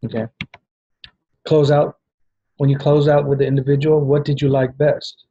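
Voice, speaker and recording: A man's voice: a little high, flat delivery, moderate pace, warm tone, slightly rough, highs cut off. A man giving a rambling training talk to sales agents, often restarting and checking in with "right?". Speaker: business trainer at a travel party.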